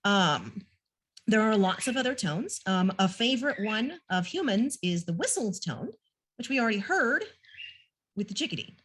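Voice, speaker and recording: A woman's voice: medium pitch, big pitch swings, normal speed, fairly bright tone, breathy edge. Woman explaining bird sounds casually. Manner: casual, self-deprecating explaining. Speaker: naturalist presenter. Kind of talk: online training talk. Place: home room with a pet bird nearby.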